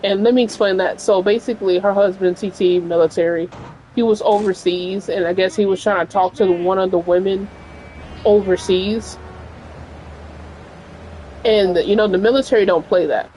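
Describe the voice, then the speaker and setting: A woman with a mellow, medium-pitched voice talks at a normal speed, though the audio is poor. She's a gaming streamer playing at home and telling a long, rambling story over her gameplay, speaking frankly and peppering it with "like" and "you know."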